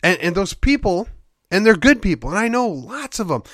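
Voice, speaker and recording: A man's voice: high voice, big pitch swings, normal speed, a bit bright, dry recording, studio quality. A man hosting a show, delivering an opinionated monologue full of rhetorical questions and needling sarcasm. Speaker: podcast host.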